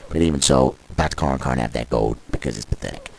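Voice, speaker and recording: A man's voice: a bass voice, fast talker, gravelly, hardly any pauses, slight background noise, rough recording. A man commentating on wrestling in a sarcastic, exasperated and crude way.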